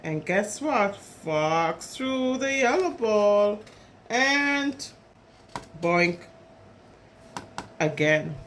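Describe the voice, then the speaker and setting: A woman's voice: mid-range voice, very slow, slight background noise. A woman reading a picture book aloud to preschoolers, chatting about the pictures as she goes. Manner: animated, chatty, commenting on the pictures. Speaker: storyteller for preschoolers.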